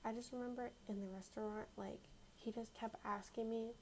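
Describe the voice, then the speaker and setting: A young woman telling a story in a soft-spoken ASMR style, casual and slangy, often slipping into a whisper. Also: fairly high pitch, steady tone, brisk, a little hiss or hum, poor audio.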